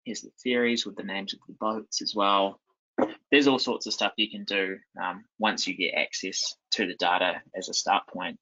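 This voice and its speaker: A man giving a live software demo at a conference, talking loosely with many ums and restarts. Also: lowish voice, steady tone, normal speed. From New Zealand. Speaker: conference presenter. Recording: dull lo-fi sound.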